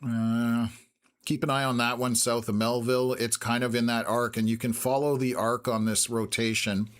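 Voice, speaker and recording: A man's voice: mid-range voice, level tone, moderate pace, fairly bright tone. A man in his fifties from Canada, hosting live storm-tracking commentary in a rambling way, full of filler sounds and jumping between topics. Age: 50s. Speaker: weather stream host.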